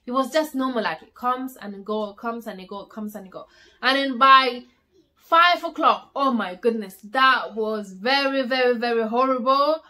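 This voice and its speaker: A young woman vlogger telling a personal story at home, casual and animated, repeating words for emphasis. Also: on the high side, normal speed.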